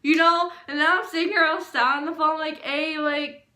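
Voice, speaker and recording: A young woman casually telling a storytime vlog, animated and full of filler words. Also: sits high, a little fast, reverberant. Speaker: vlogger.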